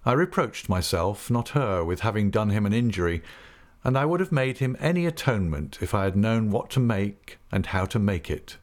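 A man narrating an audiobook in the first person, reading in an earnest, expressive way. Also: on the low side, moderate pace.

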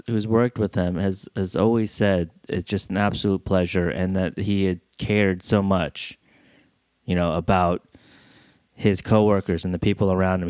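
Low-voiced man who restarts a lot. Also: darkish tone, no room sound, studio quality. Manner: halting, many restarts. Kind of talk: casual chat.

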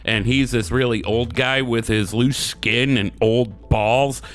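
A man's voice: medium pitch, steady tone, takes it slowly. A man co-hosting a podcast, retelling a story in a laid-back, crude and sarcastic way. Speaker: podcast co-host. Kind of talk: casual chat recapping a game questline.

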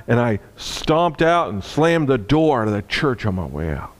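Man, preacher, sermon, earnest storytelling, average pitch, goes low and soft when tender. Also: big pitch swings, normal speed, few pauses.

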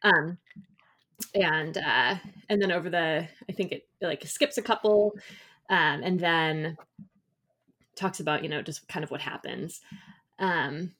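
Low-voiced woman, chatty and enthusiastic. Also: slow, pauses often, fairly bright tone. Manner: enthusiastic, rambling, many fillers and restarts. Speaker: podcast host reviewing a picture book. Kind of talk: casual chat.

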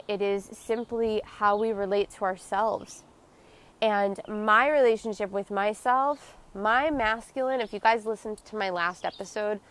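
Earnest confessional woman podcaster. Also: mid-range voice. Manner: earnest, confessional, emotionally open. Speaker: podcast host. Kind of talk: personal reflective monologue.

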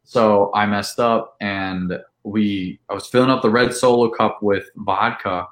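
A man telling a long, animated party story in casual chat, with lots of "like" and acted-out quotes. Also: fairly low pitch, a little slow, echoey room. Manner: animated, full of "like", acts out quotes. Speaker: podcast guest.

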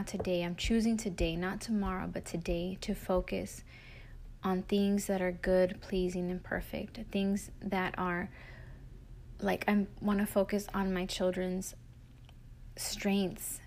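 A woman's voice: mid-range voice, creaky, slight background noise. A woman hosting a podcast for moms, talking in an earnest, faith-filled way as she encourages her listeners. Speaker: podcast host, mom coach. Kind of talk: heartfelt encouraging podcast talk.

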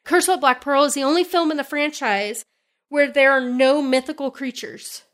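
A woman's voice: sits high, normal speed, a bit bright. A woman co-hosting a podcast, sharing trivia and laughing easily. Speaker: podcast co-host. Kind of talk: casual podcast chat.

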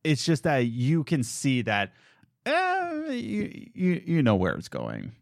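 A man's voice: a little high, huge pitch swings, slow pace, gravelly, no room sound, clean studio sound. A young adult man co-hosting a podcast in loose, rambling casual chat, often correcting himself as he goes. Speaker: podcast co-host.

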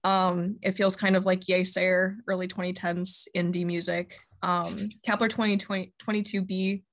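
A woman's voice: fairly low pitch, little pitch movement, moderate pace. A woman co-hosting a casual music podcast, chatty and full of ums and likes. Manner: chatty, many ums and likes, laughs often. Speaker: podcast co-host. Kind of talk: casual music review chat.

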